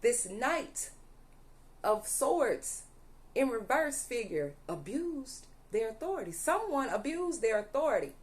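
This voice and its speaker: A woman's voice: fairly high pitch, sing-song, slow pace. A young woman reading tarot cards to her viewers, emphatic and repetitive, often stopping to ask "okay?". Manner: emphatic, repeats "allegedly" and "okay?", audibly angry at times. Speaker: tarot reader.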